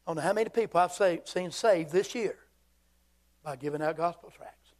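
Folksy Southern preacher man, high voice. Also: a little fast. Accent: Southern American. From Southern United States. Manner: folksy, animated, swings between shouting and hushed asides. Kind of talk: fiery church sermon. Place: church sanctuary.

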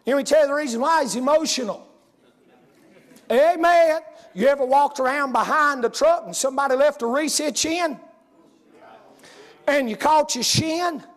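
A male preacher with a strikingly high-pitched voice. He tells homespun stories to his congregation in a folksy way and works up to loud hollering. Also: normal speed, long pauses, big-room sound. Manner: folksy storytelling, rising to hollering. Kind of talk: sermon.

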